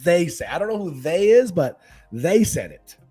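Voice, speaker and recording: A husky-voiced middle-aged man talks as a guest on a casual podcast. He jokes easily, draws his words out, and rides up and down in pitch. Faint music plays underneath. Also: big pitch swings, warm tone. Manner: laid-back, joking, drawn-out slang. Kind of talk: casual chat.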